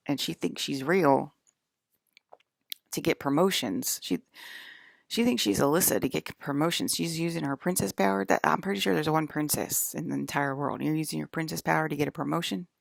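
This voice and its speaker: A woman's voice: low-pitched, normal speed, creaky, no echo, clean studio sound. A woman vlogging in a rambling casual monologue, talking straight to her viewers and repeating her points with emphasis. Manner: emphatic, repeats herself, addresses viewers directly.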